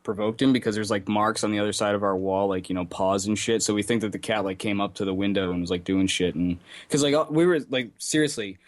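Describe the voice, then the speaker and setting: A man's voice: on the low side, fast talker, few pauses, dry recording. A man co-hosting a podcast in casual chat, laid-back, swearing and laughing. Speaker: podcast co-host.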